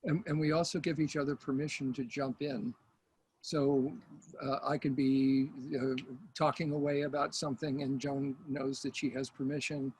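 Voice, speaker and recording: An older man, a mediator, speaking as a guest in an interview in a thoughtful, measured way. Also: medium pitch, flat delivery, darkish tone, husky, low-quality recording. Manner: thoughtful, measured, with frequent fillers. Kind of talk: conversational interview.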